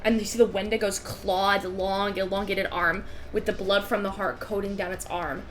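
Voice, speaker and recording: A woman's voice: medium pitch, flat delivery, moderate pace, background noise. Woman narrating as game master. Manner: patient rule explanations, vivid scene narration.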